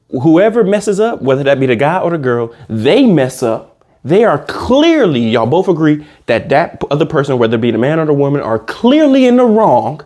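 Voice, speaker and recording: A man doing comedic reaction commentary in an animated, profane rant. His voice sits a little high and swings widely in pitch, rising sharply when he gets worked up. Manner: animated, ranting, slangy and profane.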